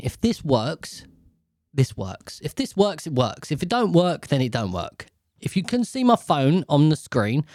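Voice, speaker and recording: A man's voice: fairly high pitch, mellow, no echo, studio quality. A man hosting a podcast alone, rambling casually with lots of swearing, slang and jokes while he sits sweating in a hot little room. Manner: profane, joking, slangy. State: sweaty and overheated. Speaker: podcast host. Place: small hot room indoors.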